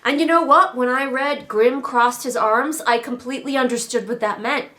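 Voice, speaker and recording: Seated in a chair at home, a woman reviews a book with casual, sarcastic, snarky critique. Her nasal voice is high-pitched and a bit bright, at normal speed.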